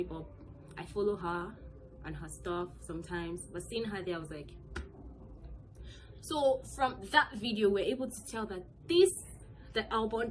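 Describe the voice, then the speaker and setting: A young woman hosts her own review vlog, speaking at a mid-range pitch. She talks in a chatty, excitable rush and leans hard on words she cares about. Faint room ambience sits low behind her. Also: noisy background. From Nigeria. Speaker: host. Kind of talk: casual movie review vlog.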